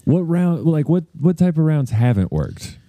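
Brief: mellow-voiced guy, unhurried, sweeps high and low, dry room. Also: very animated, no echo. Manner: laid-back, eager questions and hype. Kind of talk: casual podcast chat.

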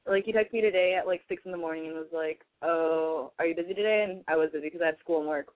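A woman's voice: sits low, rapid-fire, dry recording. A nineteen-year-old woman calling in from Los Angeles, talking hesitantly with many fillers. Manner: hesitant, lots of "like". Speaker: caller. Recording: tinny phone line.

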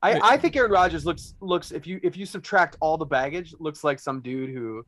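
A man's voice: fairly high pitch, brisk, no room sound. A man hosting a casual sports podcast, reading out listener questions and joking with his co-hosts. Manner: animated, reads out listener questions, laughs often. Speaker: podcast host.

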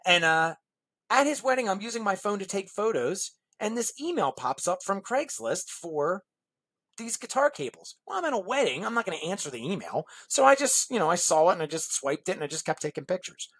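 Husky-voiced man telling a lively story. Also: sits high, fairly quick. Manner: lively storyteller acting out other people's lines. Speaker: interview guest, musician. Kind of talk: animated anecdote telling in a podcast interview.

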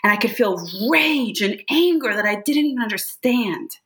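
A woman guest on a podcast, recounting a personal experience in an expressive, animated way, often adding "like" and "right?". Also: on the high side, moderate pace. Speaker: podcast guest, psychic medium. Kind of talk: personal storytelling in conversation.

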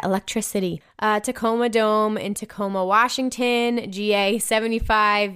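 A woman's voice: mid-range voice, fairly bright tone, clean tone. A young woman hosting a casual podcast, reading listener messages aloud with upbeat enthusiasm. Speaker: host reading listener submissions.

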